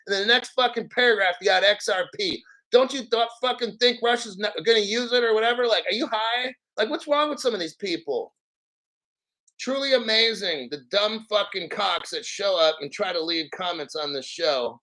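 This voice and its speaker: A man hosting a crypto live stream, ranting in a brash, profane, mocking way and clearing his throat often. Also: high-pitched, moderate pace, bright, forceful tone, poor audio. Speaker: crypto YouTube host.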